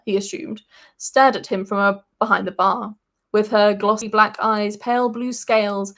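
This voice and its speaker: A woman hosting a podcast, reading a fantasy story aloud and breaking off now and then for casual asides. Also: medium pitch.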